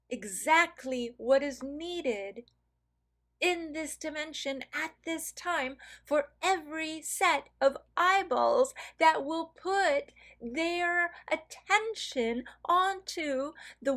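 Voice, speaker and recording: A woman speaking as a channeled council of benevolent star beings, urging and reassuring with slow, emphatic repetition. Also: sits high, fairly bright tone, full character voice. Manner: slow, emphatic, repeats key phrases. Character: collective of benevolent star beings, urgent, encouraging. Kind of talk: channeled message.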